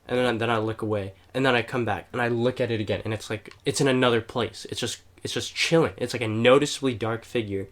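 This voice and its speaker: A man's voice: medium pitch, fairly even intonation, fast, few pauses. Young male podcaster, loose rambling storyteller, heavy on fillers and swearing. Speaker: podcast co-host. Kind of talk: casual storytelling. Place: home, playing a video game while recording.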